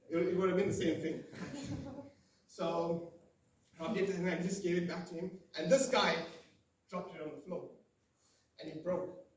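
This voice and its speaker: A young South African man in his twenties doing his first stand-up set, chatty and loose, talking to the crowd. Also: sits high. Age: 20s. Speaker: stand-up comedian. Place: live comedy room. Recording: echoey room, mic a bit far.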